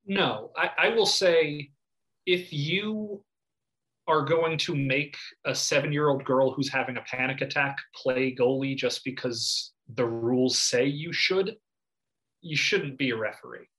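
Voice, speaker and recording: A man's voice: mid-range voice, measured pace, fairly bright tone, rough recording. A man with a mid-range voice talks as a sports reporter on a casual podcast. His delivery is thoughtful and conversational, with a bit of light humor.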